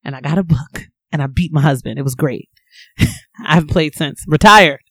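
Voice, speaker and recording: A woman co-hosting a podcast, telling a story with animated delivery, laughing and acting out quotes. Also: sits low, moderate pace, breathy edge, dry recording. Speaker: podcast co-host. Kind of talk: casual storytelling chat.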